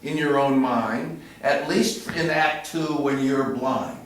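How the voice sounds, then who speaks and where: A man directing an actor in rehearsal, blunt and swearing, dropping low then pushing hard, recorded from across an echoey studio theatre. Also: takes it slowly, a little hiss or hum. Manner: blunt, swearing, swings from quiet to loud pushing. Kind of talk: rehearsal coaching. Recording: echoey room from far off.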